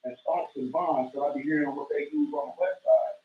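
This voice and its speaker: A man's voice: a little high, sing-song, brisk, over a noisy crowd. A man from Omaha speaking as a chef guest on a radio show, earnest and repetitive, stretching words out for emphasis. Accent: Omaha, Nebraska. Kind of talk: casual radio chat. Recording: roomy, distant and dull-sounding mic.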